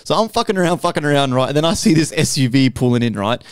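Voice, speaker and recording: Lively guy spinning a yarn. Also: a little high, fast, smooth, dry recording, studio quality. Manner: animated, swears constantly, keeps adding "right?". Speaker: podcast host. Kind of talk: casual storytelling chat.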